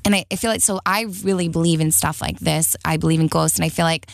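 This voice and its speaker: A woman's voice: low-pitched, fairly even intonation, quick pace, gravelly, dry recording, clean studio sound. A woman co-hosting a podcast in casual chat, talking emphatically with lots of fillers and some cursing. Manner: emphatic, curses freely, many fillers. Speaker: podcast co-host.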